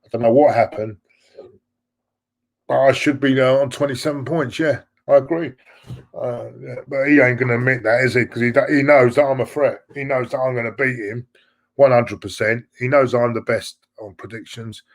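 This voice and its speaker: On a fan live stream, a middle-aged man chats with viewers and reads their messages, wandering and repeating himself. He speaks at normal speed with a medium pitch and fairly even intonation.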